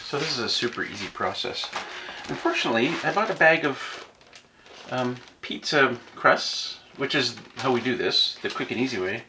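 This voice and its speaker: A man's voice: mid-range voice, expressive, moderate pace, background noise. A middle-aged man chatting casually to camera for his off-grid cabin vlog, telling stories and laughing often.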